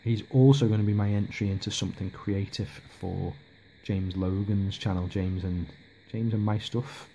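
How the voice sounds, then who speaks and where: A man's voice: on the low side, fairly even intonation, moderate pace, few pauses, dark tone, a little hiss or hum. A man giving a casual, rambling hobby update, hesitant with lots of ums and restarts. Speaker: miniature hobby vlogger.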